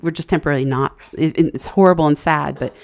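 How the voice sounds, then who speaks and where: Woman, middle-aged, low voice, chatty rambling livestream storytelling, emotional. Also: fast talker. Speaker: livestream host. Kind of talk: casual live chat storytelling.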